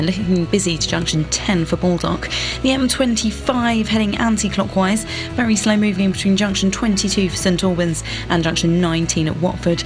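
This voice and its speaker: A woman reading a radio travel bulletin in a brisk, matter-of-fact way. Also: fairly low pitch. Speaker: travel news reader.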